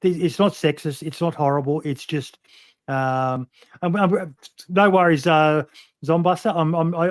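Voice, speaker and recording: A man with a voice on the high side hosts a podcast interview, speaking bluntly, swearing plenty and dropping many "um"s into the casual chat. The sound is clean studio audio with no room echo.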